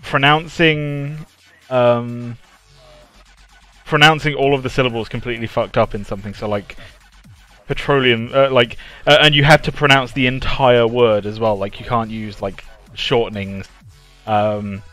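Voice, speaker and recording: A man rambles through a casual chat on a live stream, restarting his sentences and laughing between them. His voice sits in an ordinary middle pitch. Faint music plays underneath. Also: fairly even intonation, unhurried, a bit bright.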